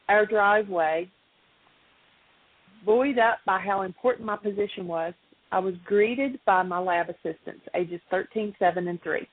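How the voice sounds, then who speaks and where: A woman co-hosting a radio show, reading a story aloud in a steady, matter-of-fact way. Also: mid-range voice, slightly rough, no room sound. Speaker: radio co-host. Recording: phone-line radio audio.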